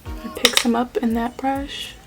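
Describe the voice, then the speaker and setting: A woman's voice: fairly high pitch, flat delivery, unhurried, over loud music, low-quality recording. A young woman chatting casually through a makeup tutorial, playful and talking to herself as she works. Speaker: beauty YouTuber.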